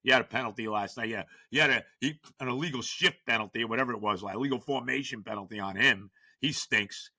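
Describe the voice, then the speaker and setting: An older man hosting a sports podcast, ranting in exasperation with stammered restarts, jumping from shouts to low grumbles. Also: fast, hardly any pauses. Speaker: podcast host. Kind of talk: sports rant.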